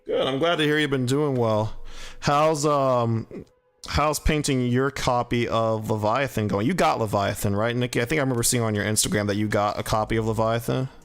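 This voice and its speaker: A man casually chatting on a livestream while painting miniatures, quietly thinking aloud as he works. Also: mid-range voice, normal speed, clean tone. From Southern US (Alabama family). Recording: soft background music.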